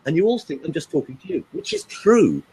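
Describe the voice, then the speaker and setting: A man's voice: sits high, vocal fry, slightly rough, poor audio. A man coaching on voice use in an emphatic, demonstrative way, speaking on a group call. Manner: emphatic, animated, demonstrating pauses.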